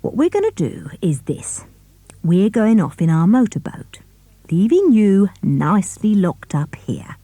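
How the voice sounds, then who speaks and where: A cold, commanding villain threatens calmly, as a woman reads him. The tone is mellow and shifts lively in pitch. The audiobook sound is dry and close. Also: unhurried, dry recording. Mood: cold menace. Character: menacing grown man villain, cold and threatening. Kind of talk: audiobook character reading.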